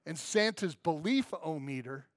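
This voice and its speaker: A man's voice: on the high side, expressive, a little slow, no echo, studio quality. A man pastor preaching a conversational, humorous sermon with strong emphasis. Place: church.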